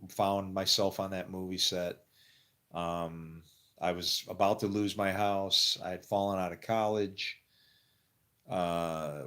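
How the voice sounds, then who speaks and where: A middle-aged man with a low voice tells a personal story in loose, rambling fashion. He laughs often, trails off and restarts, and acts out other people's lines in sudden higher voices. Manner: rambling, animated, quick to laugh and quote people. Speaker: actor telling his faith story. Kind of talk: casual storytelling.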